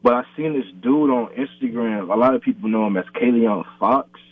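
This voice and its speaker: A man's voice: mid-range voice, brisk, no echo. A young man and YouTuber, chatting loosely in an interview, filling his talk with "like" and "bro". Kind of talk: casual interview chat. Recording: thin phone-line sound, husky and dry.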